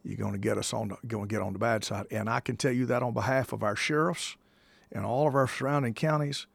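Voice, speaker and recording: Gravelly, emphatic man. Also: medium pitch, steady tone, fast, no room sound. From United States. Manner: emphatic, folksy, repeats himself for stress. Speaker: host taking calls. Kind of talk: casual on-air talk with preacherly touches.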